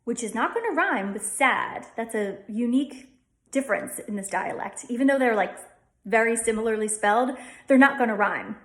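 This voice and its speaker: A woman's voice: fairly high pitch, lively intonation, normal speed, reverberant. A woman from Delaware County with a Delco accent, teaching a dialect lesson at a whiteboard and repeating each sound several times. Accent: Delco (Delaware County, Pennsylvania). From Delaware County, Pennsylvania. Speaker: dialect coach.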